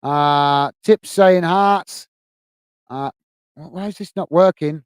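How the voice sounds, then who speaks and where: Speaking slowly in a high, clean voice with no echo, a British man runs a casual football fan live stream. He reads out the chat, thanks viewers by name while calling them mate, and occasionally gets rattled by his lagging computer.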